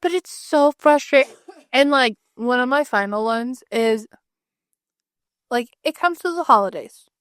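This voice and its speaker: A woman's voice: high voice, expressive, a little slow, clean tone, dry recording, clean studio sound. A woman co-hosting a casual podcast chat, ranting in an exasperated way with lots of "like". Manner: exasperated ranting with many likes. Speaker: podcast co-host.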